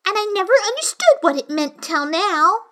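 A woman's voice: very high voice, expressive, moderate pace, fairly bright tone, voice pushed up. A woman voicing Alice, a curious, prim young girl musing to herself in an audiobook reading. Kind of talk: audiobook character voice.

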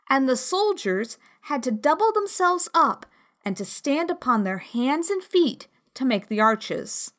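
A woman narrating a storybook in a measured, expressive way. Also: on the high side. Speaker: audiobook narrator.

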